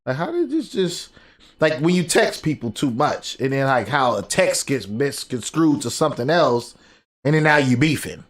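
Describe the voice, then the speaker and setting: A man co-hosting a podcast in casual chat, animated and acting out little exchanges as he talks. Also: mid-range voice, moderate pace. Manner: animated, acts out quoted texts and arguments. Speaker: podcast co-host. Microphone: desk USB microphone.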